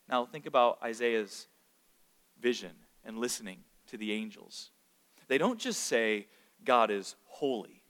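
A male pastor delivering a sermon in a somewhat high voice. His delivery is very animated, dropping to hushed tones and then rising to loud, emphatic peaks.

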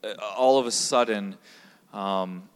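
A man, a preacher, giving a measured, reflective personal testimony about his marriage at a church gathering. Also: lowish voice, clean tone. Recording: long reverb in a large hall.

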